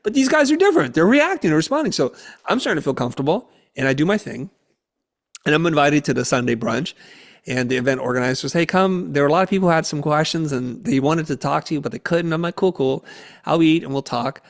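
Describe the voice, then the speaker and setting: A man with a slightly high voice talks fast as a podcast guest, telling a story conversationally. He's an animated storyteller who acts out the quotes within it.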